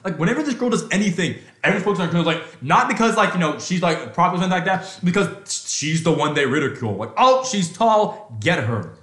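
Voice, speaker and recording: A man picks apart a film in loose, profane podcast banter, mocking it as he goes. His voice sits a little high and swings widely in pitch. The room around him rings with echo. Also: expressive, fast, few pauses, a bit bright. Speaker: podcast co-host. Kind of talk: casual movie review chat.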